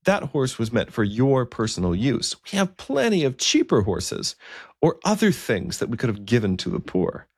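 A man's voice: mid-range voice, wildly swooping pitch, moderate pace, a little mellow, slightly rough, dry recording, clean studio sound, pitched above the performer's own voice, exaggerated voice. A man voicing a humble, earnest Anglo-Saxon king who asks pleading questions, his voice raised above his own. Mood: puzzled.

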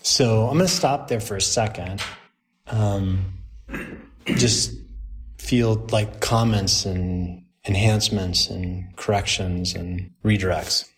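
A man's voice: fairly low pitch, steady tone, slow pace, slight background noise. A middle-aged man, a priest, telling a story to a group, acting out the people he quotes and laughing often.

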